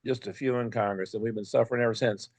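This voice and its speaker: A man hosts a podcast alone, rambling and cracking jokes, and he leans on plenty of fillers. His voice sits at a middling pitch. It is recorded close and dry, with no room echo. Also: steady tone, quick pace, a little mellow. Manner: rambling, joking, chatty with many fillers. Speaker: podcast host. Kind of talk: casual monologue podcast.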